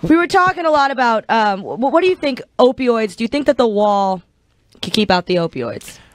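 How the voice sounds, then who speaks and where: A woman hosting a radio talk show, chatting playfully and reacting quickly to her guest. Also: fairly high pitch, expressive. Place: radio studio.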